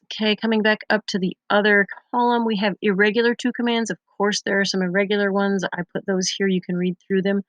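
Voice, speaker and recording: A woman's voice: mid-range voice, flat delivery, brisk, no echo, lo-fi sound. A Spanish teacher, a young woman, patiently explaining grammar step by step over her slides in a recorded lesson. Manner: patient, methodical explaining with examples.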